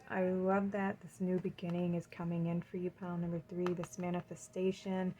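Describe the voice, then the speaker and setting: Gushing woman tarot reader, lowish voice. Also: level tone, normal speed, few pauses, mellow, a little hiss or hum, rough recording. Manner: gushing, encouraging, reads card affirmations aloud. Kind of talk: pick-a-card reading.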